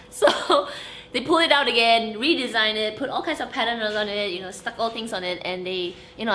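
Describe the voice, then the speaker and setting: A woman's voice: on the high side, slight background noise. A young woman, chatting animatedly to camera in a vlog, stressing points with "okay?". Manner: animated, emphatic, frequent laughs and "okay?". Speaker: vlogger. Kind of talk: casual chat to camera.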